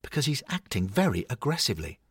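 A man's voice: medium pitch, sing-song, quick pace, a bit bright, husky, no room sound, clean studio sound, voice pushed up, heavily acted. A man voicing an anxious male cuddly hornet mascot toy who pleads and grumbles. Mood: worried. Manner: fretful, pleading, exasperated.

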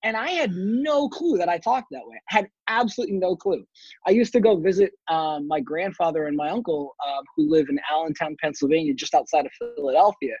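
A man's voice: a little high, fairly quick, darkish tone, slightly rough, no echo, dull audio. A man who is a podcast guest, chatting casually and telling long stories, swearing now and then. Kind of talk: casual chat.

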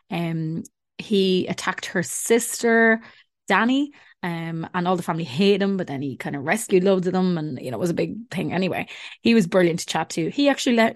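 Young Irish woman host, chatty and rambling, low-set voice, dry close recording. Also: dry recording. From Ireland. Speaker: podcast host. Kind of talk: casual podcast intro and chat.

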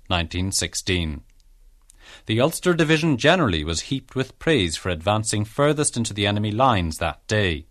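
A man narrating a documentary in a measured, explanatory scripted delivery. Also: on the low side, a bit bright, no echo, studio quality.

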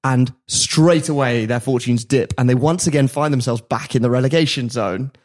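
A man's voice: medium pitch, moderate pace, darkish tone. A man hosts a podcast and tells a story in an easy, conversational way. He breaks into laughter at his own asides. His voice sits in an ordinary middle range. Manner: laughs often while telling a story. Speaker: podcast host. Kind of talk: casual storytelling chat.

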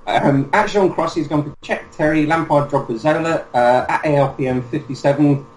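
A man's voice: a little high, moderate pace, a little mellow. A man hosting a casual football podcast, leading the segment in a laid-back way with frequent fillers. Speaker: podcast host. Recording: echoey room with faint noise.

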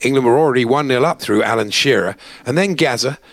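A man's voice: medium pitch, quick pace, no echo. A man reading scripted documentary narration.

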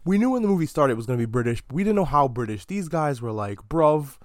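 Man, podcast host, casual movie chat, animated, swears, dry close sound. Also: medium pitch, fast talker, no echo. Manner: animated, profane, slips into mock slang quotes. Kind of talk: casual movie review monologue.

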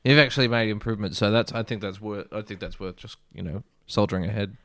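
A woman co-hosting a casual chat, teasing and deadpan. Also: rumbling low, fast. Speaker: podcast co-host.

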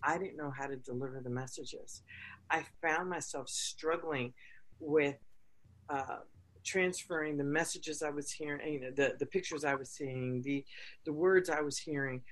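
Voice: medium pitch, poor audio. Earnest host who repeats for emphasis. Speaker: host, coach and Reiki practitioner. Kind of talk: casual conversation.

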